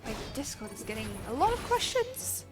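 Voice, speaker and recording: A young woman with an Australian accent talks through her game in a loose, chatty live-stream ramble. She swears easily, laughs often, and shouts at the enemies on screen. Her voice sits high, with soft game music playing underneath. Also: sing-song, a little fast. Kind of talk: casual live-stream chat while gaming.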